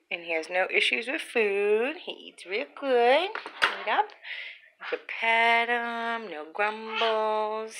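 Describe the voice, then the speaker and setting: A woman fostering a kitten, cooing sing-song baby talk to it at home and sometimes dropping to a soft whisper. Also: on the high side, slow. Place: home indoors. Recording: home video with clear background noise.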